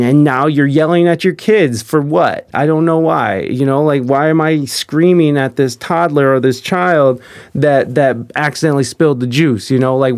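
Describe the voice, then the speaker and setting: Gravelly, earnest podcast host man. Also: medium pitch, darkish tone, dry recording. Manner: earnest, repeats words, swears. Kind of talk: casual conversation.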